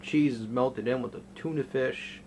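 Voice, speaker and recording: Guy rambling thru a cooking vlog in his kitchen, jokey, middle pitch, bit of faint hiss behind. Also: moderate pace, darkish tone. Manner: rambling, joking, talks to his dog. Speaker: home cooking vlogger. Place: home kitchen.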